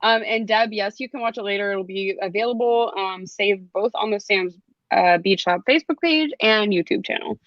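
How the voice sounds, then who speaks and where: A woman's voice: medium pitch, moderate pace, no room sound, muffled recording. A young adult woman teaching a live beading class, chatty, with frequent ums and laughs. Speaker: jewelry class instructor. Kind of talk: live online craft class.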